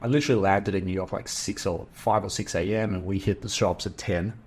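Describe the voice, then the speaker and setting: Lively Australian man telling a story. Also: low-pitched, fairly quick, breathy edge. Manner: animated, acts out quoted dialogue. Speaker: podcast guest, entrepreneur. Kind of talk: casual storytelling.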